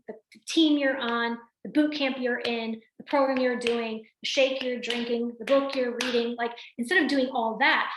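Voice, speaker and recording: A team coach with a high voice runs an energetic, motivational training over video, her sound echoey with a little hiss or hum. Speaking straight to her listeners, she checks in often, dropping "right?" again and again.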